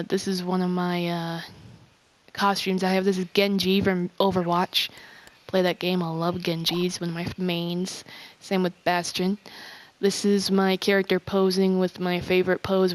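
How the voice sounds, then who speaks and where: Rambling female gamer, halting delivery. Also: medium pitch, dry recording. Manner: rambling, halting, with many restarts. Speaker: game video creator. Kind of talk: casual gameplay commentary.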